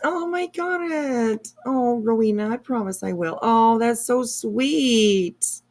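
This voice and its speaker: A woman hosting a casual livestream, reading viewer comments aloud in a gushing, excitable way. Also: fairly high pitch, slow pace, a crowd in the background. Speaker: livestream host.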